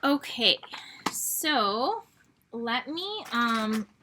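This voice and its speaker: A woman's voice: a little high, sing-song, extremely slow, bright, forceful tone, slight background noise. A middle-aged woman hosting an online card-making class, chatty and rambling with frequent ums. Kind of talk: casual crafting tutorial.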